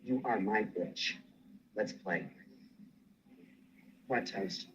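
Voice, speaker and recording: A man's voice: lowish voice, extremely slow, a bit bright, slight background noise, rough recording. A man furiously ranting on a livestream, swearing and making threats. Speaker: guest on a livestream. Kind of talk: angry livestream rant.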